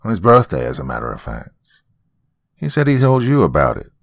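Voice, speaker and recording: A man's voice: wildly swooping pitch, fairly quick, vocal fry, no echo, studio quality, exaggerated voice. A man voicing a stern older grandfather who speaks bluntly and moodily. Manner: low, blunt and moody.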